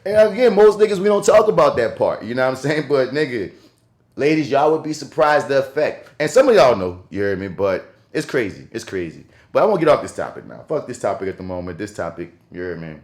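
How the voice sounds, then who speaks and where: A man's voice: mid-range voice, very animated, a little fast. A man co-hosts a podcast in loose, casual chat, telling stories with heavy slang and constant swearing. His voice sits in a middle register. It rings in an echoey, roomy space. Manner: profane, emphatic slang-heavy storytelling. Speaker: podcast co-host. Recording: roomy echo.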